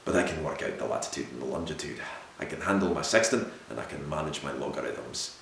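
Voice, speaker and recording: Brief: man voicing a haunted Victorian sea captain, unstable, lurching from wild shouts to low murmurs, heavy room echo. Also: animated, quick pace, vocal fry, slight background noise, full character voice. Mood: sardonic. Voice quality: swings from shouting to hushed murmurs. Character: feverish haunted male ship captain, unstable. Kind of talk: audiobook reading of a Victorian ghost story. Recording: very echoey room.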